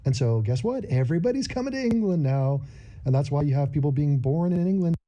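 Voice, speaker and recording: A man riffs sarcastically on video clips in a very dark, mellow voice. The recording sounds dull and lo-fi. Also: fairly high pitch, animated, brisk. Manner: mocking, jokey asides. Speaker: host reacting to clips. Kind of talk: casual sarcastic commentary.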